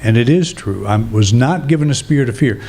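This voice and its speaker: Calm reflective male preacher. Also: mid-range voice, fairly quick. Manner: calm, reflective, thinking aloud with restarts. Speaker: minister. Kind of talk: sermon.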